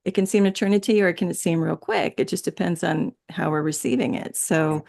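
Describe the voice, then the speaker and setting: A woman's voice: on the low side, fairly quick, gravelly, a little mellow. A woman guest in a casual spiritual conversation, rambling and laughing often, with many restarts. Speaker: interview guest.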